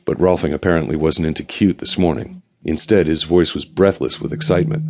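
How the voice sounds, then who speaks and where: A male audiobook narrator with a very deep voice reads a first-person novel. His delivery is dry, wry and even, with a husky, slightly breathy texture. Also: a little fast, hardly any pauses.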